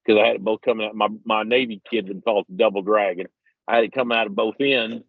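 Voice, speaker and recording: A man's voice: on the low side, fairly even intonation, quick pace, no room sound. A man, telling a long rambling, self-deprecating story while calling in to a podcast. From Missouri, USA. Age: 50s. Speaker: regular podcast guest. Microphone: phone call. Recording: muffled lo-fi call-in audio.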